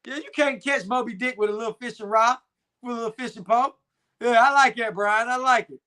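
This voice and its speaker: Very high, sharp, yet clear and resonant, this young adult man's voice moves fairly quickly. He's hosting a live stream, reading viewer comments and bantering casually in slang with plenty of fillers.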